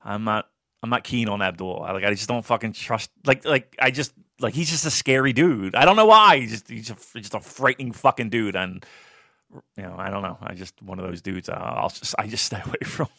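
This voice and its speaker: A man telling casual stories in a podcast chat, animated and swearing, often jumping into a high voice when he quotes people. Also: a little fast, vocal fry, no room sound, clean studio sound.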